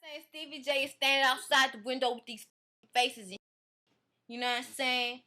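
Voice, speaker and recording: A woman giving casual, profane commentary as a reality show reviewer, blunt and animated as she rants. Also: sits high, moderate pace.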